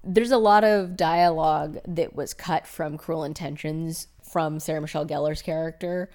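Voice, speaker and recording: Blunt, animated woman podcast co-host. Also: deep voice, moderate pace. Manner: animated, blunt, swears freely. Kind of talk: casual film discussion.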